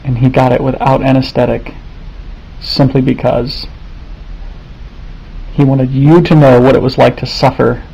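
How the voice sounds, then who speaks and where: Creaky-voiced dad, deadpan mock outrage. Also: male voice, medium pitch, unhurried, long pauses, lo-fi sound. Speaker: father filming his son's stitches. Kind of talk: mock-indignant vlog reply. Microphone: handheld camera.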